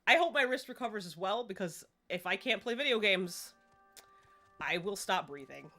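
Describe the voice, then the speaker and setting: A woman's voice: medium pitch, expressive, normal speed, sharp tone. A woman live-streaming a game in casual chat, rambling along and laughing often. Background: faint game music.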